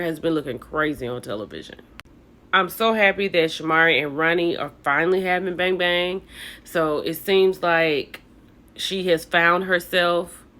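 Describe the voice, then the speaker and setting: A woman's voice: on the low side, a bit bright. A woman hosting a casual reality TV recap, chatty and opinionated, talking straight to her viewers.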